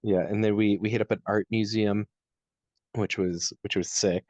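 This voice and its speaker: Young Canadian man, casual podcast co-host, warm low tone, dry muffled sound. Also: little pitch movement, normal speed, dry recording. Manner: laid-back storytelling, lots of "dude" and laughter. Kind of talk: casual chat.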